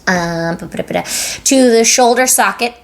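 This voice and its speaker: A young adult woman talks through a health topic in a casual, chatty way, like a massage therapist teaching her viewers. Her voice sits at an ordinary pitch, and she leans on fillers as she demonstrates. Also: moderate pace, a bit bright. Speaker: lymphatic drainage massage therapist. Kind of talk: casual educational explainer.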